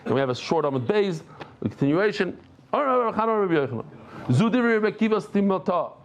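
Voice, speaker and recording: A middle-aged man giving a daily Talmud lesson to a live group, talking in quick bursts, breaking off mid-thought and bantering with listeners. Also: high-pitched, a little hiss or hum. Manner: lively, jumps between thoughts, self-interrupting. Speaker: Talmud teacher.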